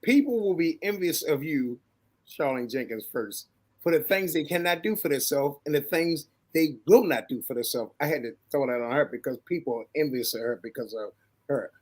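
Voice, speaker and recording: A woman from East Baltimore with a Baltimore accent, speaking forcefully and preachily on a talk panel. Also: low-pitched, animated, fairly quick, slightly rough. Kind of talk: casual talk show discussion.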